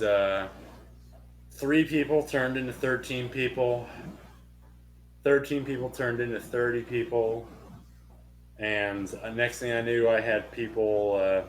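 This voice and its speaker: Young man, podcast co-host, casual animated storytelling, low voice, faint background noise. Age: young adult. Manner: animated storyteller, swears freely. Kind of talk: casual chat.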